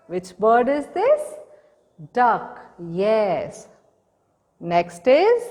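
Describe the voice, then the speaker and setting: A woman's voice: fairly high pitch, sing-song, slow, mellow, in a large hall. A woman teaching a recorded lesson to small children, patiently asking questions and repeating the answers. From India. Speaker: preschool teacher.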